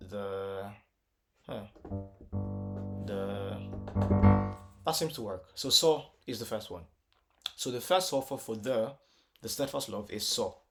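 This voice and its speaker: A man gives a casual music lesson at an unhurried, drawn-out pace. He repeats syllables and sings short solfa notes to test them against the scale. A guitar plays clearly beneath his voice. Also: fairly low pitch. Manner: slow, repetitive, thinking aloud, sings solfa syllables to check notes. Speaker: music teacher.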